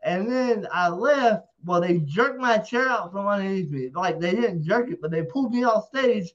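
A man telling a rowdy story in casual talk, animated and profane, acting out quotes loudly. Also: high-pitched, moderate pace, lo-fi sound. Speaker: interview guest.

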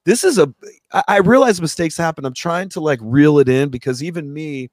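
A man hosting a radio talk show speaks fairly quickly at a fairly high pitch, in studio quality with no room sound. He tells a long story as an animated, casual rant, swearing and imitating what others said.

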